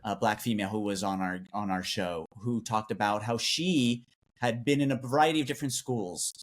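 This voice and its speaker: Casting note: man with a lowish voice, thoughtful co-host, gets animated when telling stories. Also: normal speed. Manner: thoughtful, recounts guest stories, pitch jumps when animated. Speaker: podcast co-host. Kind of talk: conversational discussion.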